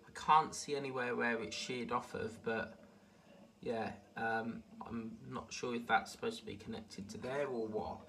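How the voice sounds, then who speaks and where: A man's voice: mid-range voice, fairly even intonation, a little slow, sharp tone. Chatty man, distant noisy recording. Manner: chatty, rambling, easily delighted. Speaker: model-building vlogger. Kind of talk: casual unboxing commentary. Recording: distant mic with clear background noise.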